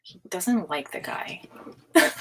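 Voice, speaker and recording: A woman's voice: takes it slowly, heavy background noise. Chatty woman doing a tarot reading. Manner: chatty, filler-heavy, laughs often, swears casually. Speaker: tarot reader. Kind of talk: live-stream psychic reading.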